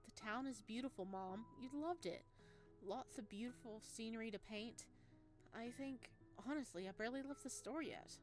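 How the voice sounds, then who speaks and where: A woman's voice: fairly high pitch, normal speed, faint music behind. A woman playing a visual novel and reading its text and lines aloud, playful. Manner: playful, does all the voices. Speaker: let's play streamer.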